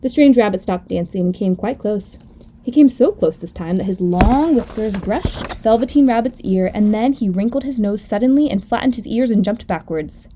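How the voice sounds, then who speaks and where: A woman host reading a children's story aloud gently and expressively. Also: medium pitch, expressive, normal speed, slight background noise. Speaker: podcast host.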